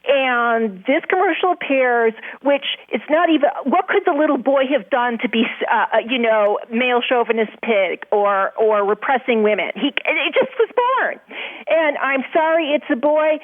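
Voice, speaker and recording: A woman writer calling in to a radio show, making her argument in a pointed, articulate way. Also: a little high. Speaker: guest writer on a phone call. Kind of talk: radio call-in interview. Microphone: telephone. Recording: tinny phone line.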